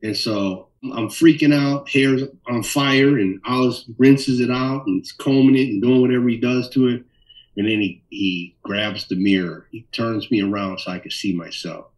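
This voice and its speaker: A middle-aged man from Minnesota, a bassist telling stories in an interview with lively animation. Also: normal speed, distant mic, poor audio. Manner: animated storyteller, acts out voices in quotes. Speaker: bassist guest. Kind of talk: storytelling interview.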